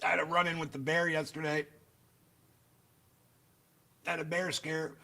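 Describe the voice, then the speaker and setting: A man's voice: on the high side, level tone, moderate pace, vocal fry, pushed and bright, a little hiss or hum. A man hosting a livestream, ranting bluntly and profanely and chatting with his viewers. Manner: chats with viewers in the live chat. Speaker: livestream host. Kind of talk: casual livestream rant.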